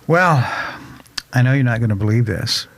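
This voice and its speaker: Jovial male host, gravelly voice. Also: medium pitch, expressive, normal speed, fairly bright tone, no room sound. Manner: stammering restarts, jovial. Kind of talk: casual interview chat. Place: local studio.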